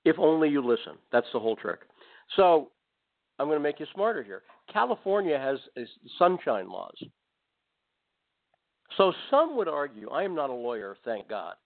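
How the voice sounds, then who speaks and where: A man's voice: a little high, big pitch swings, normal speed, creaky. A man hosting a talk radio show, telling a story with sarcastic, rambling asides. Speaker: radio host. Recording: phone-like narrow band audio.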